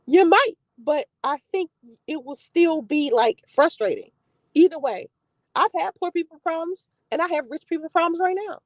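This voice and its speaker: A young adult woman vlogger giving blunt, profane relationship talk in an animated storytelling way. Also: extremely high pitch, normal speed, dry recording, poor audio. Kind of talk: casual live-stream talk.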